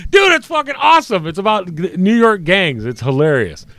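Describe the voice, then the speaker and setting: A middle-aged man hosting a casual chat show, loud, profane and excitable as he tells stories. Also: sits high, fairly quick, gravelly, no room sound. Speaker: podcast host.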